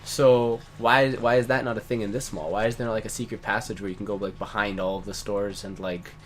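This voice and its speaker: A man's voice: on the low side, fairly even intonation, a little fast. Rambling, laughing man chatting over gameplay. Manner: rambling storyteller, swears, laughs often. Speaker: let's play co-host. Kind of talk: casual gameplay chat.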